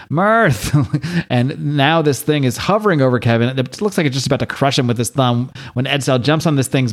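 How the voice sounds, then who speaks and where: A man co-hosting a podcast, casually recapping a comic book's story with plenty of restarts and quick lines for each character. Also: medium pitch. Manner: animated retelling, quick voices for characters, frequent laughs and restarts. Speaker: podcast co-host.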